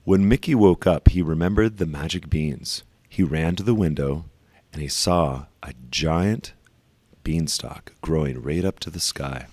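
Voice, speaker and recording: A man reading a children's storybook aloud, leaning slowly and emphatically on repeated phrases. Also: very deep voice, a little mellow, no echo.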